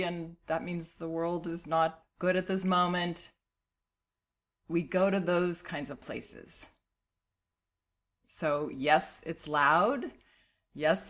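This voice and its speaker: A middle-aged woman with a fairly low voice hosts a parenting advice show. She talks a listener through her letter calmly, reassuring and encouraging her, with occasional light laughs.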